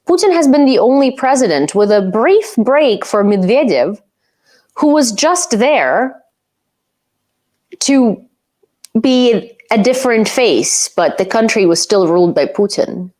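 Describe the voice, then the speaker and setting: A woman's voice: a little high, animated, measured pace, a little mellow. A young woman from Ukraine chatting casually on a live stream, reading viewer comments and laughing often.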